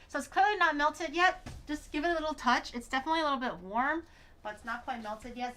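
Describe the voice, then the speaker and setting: A woman's voice: high voice, heavy background noise. A woman streaming herself cooking at home, chatting casually in a rambling way with exaggerated reactions. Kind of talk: casual livestream chat.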